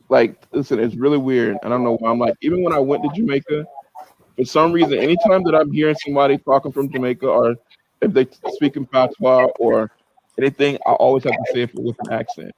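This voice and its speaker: A man's voice: medium pitch, a little fast, no room sound, muffled recording. A man hosting a casual group chat on a video call, laid-back and playful, laughing often. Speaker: host.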